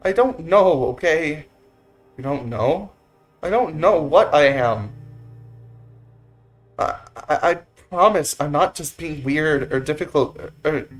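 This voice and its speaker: A man voicing a drunk, distraught young male bird-man who pleads with a cracking voice that keeps rising high. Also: slow, long pauses, faint music behind. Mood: anguished.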